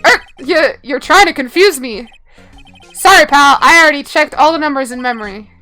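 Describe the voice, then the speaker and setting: Woman reading a blustering cop who says pal a lot, high and bright. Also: moderate pace, soft background music. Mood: bossy. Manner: bossy, calls everyone pal. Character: gruff blustering male police detective.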